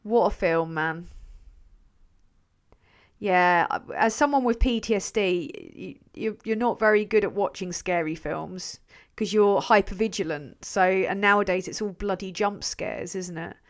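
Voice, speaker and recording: An unhurried, mid-range voice belongs to a young woman from England who runs a casual livestream. She reads the live chat aloud, rambling, laughing often, and swearing freely.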